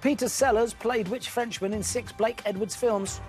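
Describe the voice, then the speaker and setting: A man hosting a quiz show, brisk, upbeat and teasing. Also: sits high, steady tone, darkish tone, faint music behind.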